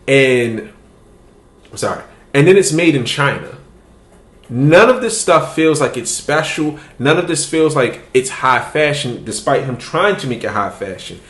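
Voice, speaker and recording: A man's voice: medium pitch, animated, measured pace, fairly bright tone, reverberant. A man hosting a podcast, telling a story in casual, profane chat and laughing as he goes. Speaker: podcast host.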